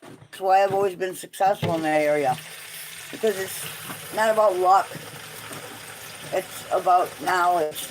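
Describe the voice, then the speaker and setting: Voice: mid-range voice, fairly even intonation, unhurried, pauses often, a little hiss or hum, rough recording. Blunt, opinionated livestream host. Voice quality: opinionated, blunt, swears freely. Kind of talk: casual livestream chat.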